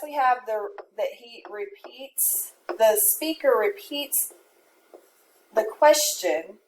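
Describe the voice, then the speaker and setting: Slow, echoey woman teacher. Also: sits high. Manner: explains step by step, quotes verse aloud. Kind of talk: classroom poetry lesson. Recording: echoey room from a distance, faint noise.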